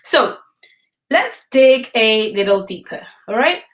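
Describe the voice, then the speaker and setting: Animated woman hosting a live stream. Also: a little high, slow pace. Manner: animated, often checks in with "okay?". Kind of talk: casual live-stream talk to viewers.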